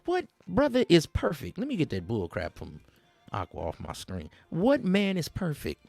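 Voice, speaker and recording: Male streamer, lively preachy street-slang rant, dry close mic, soft music under. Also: a little high, normal speed, creaky, no room sound. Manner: animated, preachy, street slang, frequent repeats. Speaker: livestream host. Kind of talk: casual livestream rant.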